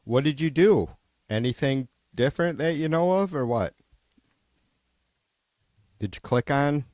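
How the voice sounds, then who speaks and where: A man's voice: a little high, lively intonation, measured pace, a little mellow, no echo, clean studio sound. A man hosting a livestream, chatting casually and rambling, swearing often and restarting his sentences. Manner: rambling and profane, with many restarts and trailing-off sentences. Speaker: livestream host. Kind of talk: casual unscripted stream chat.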